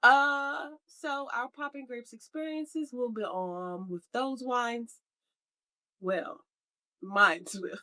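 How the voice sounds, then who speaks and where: A woman's voice: on the high side, takes it slowly, bright, forceful tone. A woman co-hosting a podcast in casual chat, rambling and playful, laughing often. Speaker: podcast co-host.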